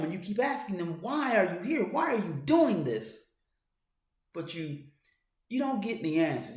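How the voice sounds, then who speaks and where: Guy doing a talk-to-the-viewer commentary, bit high voiced, lots of restarts, echoey room. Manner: talks to the listener in second person, many restarts; grows louder and more urgent as he goes. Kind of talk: monologue commentary.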